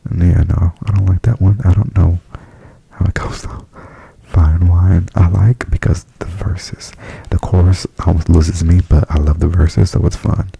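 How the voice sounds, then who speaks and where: A man softly speaking and whispering in a chatty ASMR review, full of fillers, close to the mic. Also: sits low, steady tone, measured pace, dry recording, low-quality recording. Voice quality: whispery, breathy.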